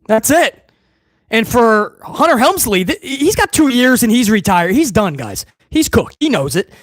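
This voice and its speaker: A man's voice: extremely high pitch, big pitch swings, measured pace, fairly bright tone, no room sound, studio quality. A man hosting a live wrestling watch-along stream, ranting bluntly and swearing freely in casual commentary.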